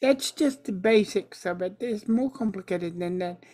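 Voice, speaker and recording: A woman's voice: mid-range voice, moderate pace, dark tone, natural voice. A woman voicing a friendly vampire who patiently explains things in an earnest way.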